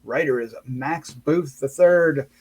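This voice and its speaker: A man's voice: medium pitch, slow pace, a little mellow, slightly rough. A man hosting a casual review show, playful and chuckling, sometimes stumbling over his words. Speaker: podcast host.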